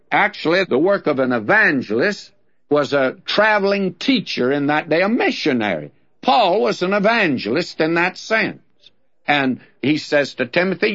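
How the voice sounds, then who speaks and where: Guy doing a radio bible teaching, kinda high voice, folksy and chatty, dull lo-fi old recording. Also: a bit bright. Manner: folksy, conversational, plainspoken.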